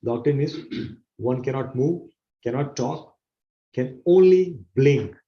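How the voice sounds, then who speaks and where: Slow and dark-toned, a medium-pitched man delivers an explanatory sermon to online listeners as he teaches scripture. He is earnest and keeps repeating his key phrases for emphasis, and the recording sounds roomy and dull.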